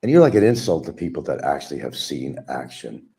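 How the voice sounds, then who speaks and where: A man's voice: rumbling low, big pitch swings, a little fast, gravelly, dark tone. A man hosting a stream, giving a combative, mocking monologue aimed at absent rivals. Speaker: livestream host. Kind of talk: ranting monologue.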